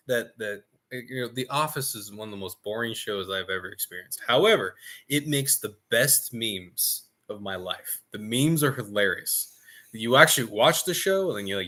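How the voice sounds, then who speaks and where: A man teaching a casual streamed Bible lesson in an animated, irreverent way, laughing often. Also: lowish voice. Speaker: Sunday school teacher.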